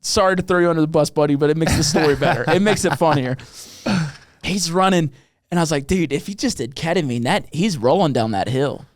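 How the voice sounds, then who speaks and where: A man hosting a podcast, telling a rambling story with lots of swearing and quick impressions of the people in it. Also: fairly high pitch, dry recording, clean studio sound. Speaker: podcast host. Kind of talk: casual chat.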